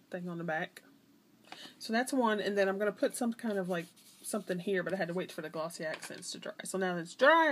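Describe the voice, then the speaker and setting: A woman's voice: mid-range voice, gravelly, slight background noise. A woman vlogger casually talking through her craft projects, chatty and rambling, often correcting herself mid-sentence. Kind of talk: casual show-and-tell.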